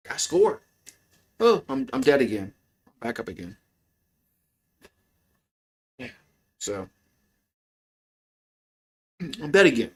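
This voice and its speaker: A man's voice: very animated, takes it slowly, long pauses. A man calling a football game play-by-play on a livestream as a frustrated fan, rambling with restarts and now and then swearing, his voice jumping up on big plays. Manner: voice jumps high and loud on big plays. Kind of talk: casual play-by-play commentary.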